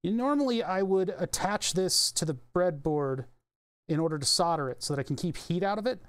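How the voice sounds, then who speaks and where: A man's voice: high-pitched, lively intonation, a little fast, clean tone. A man chatting casually on a live stream while soldering at his electronics bench, rambling and thinking aloud with offhand swearing. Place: home electronics workbench.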